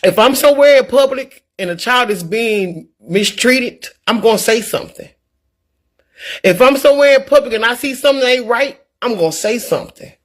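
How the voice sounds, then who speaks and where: A woman talking casually to her viewers in a vlog, in an animated, preachy, folksy way. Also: a little high, normal speed. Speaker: vlogger. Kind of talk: casual talk to camera.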